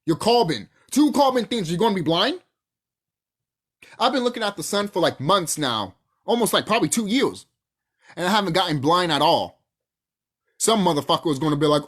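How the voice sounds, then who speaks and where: Unscripted and straight to camera, a channel host launches into a heated rant full of profanity. The pitch swings wildly, and sentences often break off and restart mid-thought as the point is pressed. The delivery is very animated, moderately paced, slightly rough, with frequent pauses.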